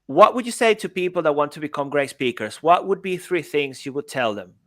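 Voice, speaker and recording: A man's voice: on the high side, expressive, a little fast. A man co-hosting a podcast, playful and jokey, praising his guest. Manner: jokey, playful, laughs easily. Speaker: podcast co-host. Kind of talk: podcast interview.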